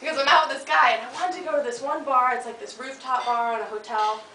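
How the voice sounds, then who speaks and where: Performing a comedy club set, an American woman is chatty and playful, needling the crowd and trying on silly voices. She speaks high-pitched and quick, pushed and bright but steady in tone. The echoey club recording, captured from a distant mic, has slight background noise and audience laughter.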